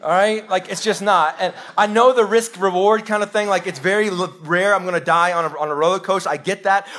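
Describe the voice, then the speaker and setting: A man, preaching a live sermon and telling stories directly to his congregation. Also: high-pitched. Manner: animated storytelling, addresses congregation directly. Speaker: pastor. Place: church sanctuary.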